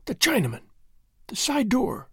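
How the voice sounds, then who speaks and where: A man voicing a frightened, injured noblewoman who speaks weakly and haltingly. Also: sits high, very animated, no echo, clean studio sound. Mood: faint. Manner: weak, breathy, halting.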